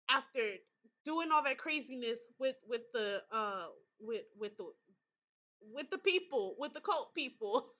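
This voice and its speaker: A young woman streamer reads out a story game and keeps breaking off to talk back to the characters in an animated way. Her voice is bright and a bit high, and it swings widely in pitch. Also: normal speed. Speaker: VTuber streamer. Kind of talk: reading a story game aloud with reactions.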